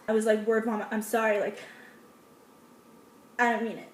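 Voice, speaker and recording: A woman's voice: medium pitch, little pitch movement, normal speed, pauses often. A young woman vlogging in a chatty, sassy way, acting out little scenes as she talks. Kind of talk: casual comedic vlog. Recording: echoey room.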